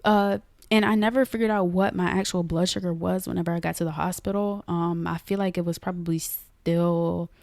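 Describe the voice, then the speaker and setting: A young woman tells her own story to her listeners in a loose, chatty way, often calling them y'all. Her voice sits low and has a gravelly fry. The sound is close and dry, with no room echo. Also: a little mellow. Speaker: podcast host. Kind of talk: casual storytelling to viewers.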